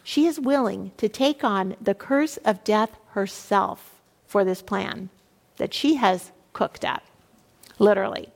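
A woman leading a Bible study for women, reading scripture and adding expressive, conversational asides. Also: medium pitch, unhurried, gravelly. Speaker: Bible teacher. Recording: echoey hall reverb.

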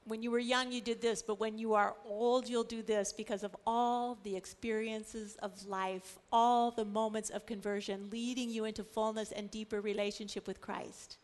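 A woman teaching a Bible study in a lively way, acting out the stories she tells. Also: a little high, moderate pace, few pauses. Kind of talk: animated scripture teaching.

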